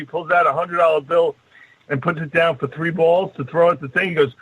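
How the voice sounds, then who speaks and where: Husky new guy telling a wild story on the radio, high voice. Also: brisk, dry recording, rough recording. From New York. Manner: animated, acts out voices in his anecdotes. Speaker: radio show co-host. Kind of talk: storytelling on a call-in radio show.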